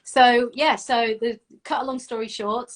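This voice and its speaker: A woman from Bradford with a Yorkshire accent, chatting casually on a live video call and telling lively stories, swearing now and then. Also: a little high, unhurried. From Bradford, England. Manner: lively storytelling, swears freely. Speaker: interview guest. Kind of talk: casual chat. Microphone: phone or laptop on a live video call.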